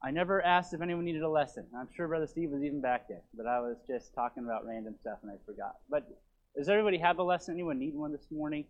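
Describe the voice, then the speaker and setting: A man preaching a sermon in a church, reading scripture with heavy emphasis and dropping to quick, quiet asides. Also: a little high, muffled recording. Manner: emphatic, slowing to stress scripture words. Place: church sanctuary.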